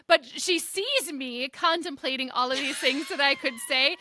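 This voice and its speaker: A young adult woman co-hosting a podcast, telling a story in an animated, self-deprecating way with lots of fillers. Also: high voice, moderate pace, no room sound, studio quality. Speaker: podcast co-host. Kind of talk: casual chat, storytelling.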